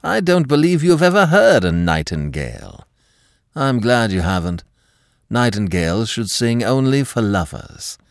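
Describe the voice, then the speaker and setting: A man voicing an affectionate young husband who speaks in a warm, teasing way in a read-aloud story. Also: mid-range voice, big pitch swings, a little slow, gravelly, no room sound, clean studio sound, voice pushed up.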